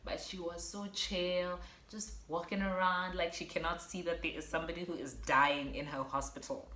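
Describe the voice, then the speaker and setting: Woman, from Botswana, low-pitched, animated vlog storytelling, roomy echo. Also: normal speed. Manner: animated, acts out quotes, addresses viewers as guys. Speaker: vlogger.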